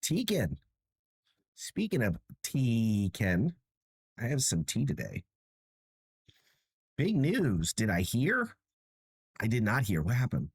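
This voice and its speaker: A man's voice: medium pitch, wildly swooping pitch, takes it slowly, long pauses, slightly rough, no echo, clean studio sound. A tired young man hosting a livestream, chatting casually with viewers in a self-mocking way and laughing often. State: tired and achy. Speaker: livestream host.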